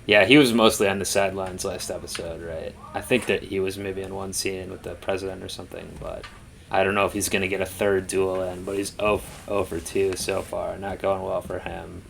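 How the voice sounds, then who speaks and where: A man's voice: low-pitched, level tone, a little fast, gravelly, fairly bright tone, a little hiss or hum. A man co-hosting a reaction show, chatting casually in a rambling, laid-back way with lots of fillers. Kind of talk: casual chat.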